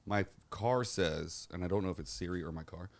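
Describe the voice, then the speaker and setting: A man's voice: deep voice, gravelly. A man hosting a podcast, chatting casually and cracking jokes with his guest. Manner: joking, quick banter. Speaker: podcast host. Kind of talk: casual chat.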